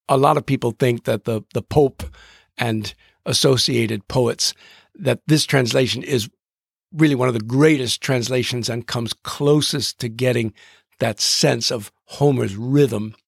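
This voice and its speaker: A man hosting a podcast in a reflective, literary way, slowing down to read verse aloud. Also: medium pitch, steady tone, vocal fry, breathy edge, no echo, clean studio sound. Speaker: podcast host. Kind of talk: scripted podcast narration.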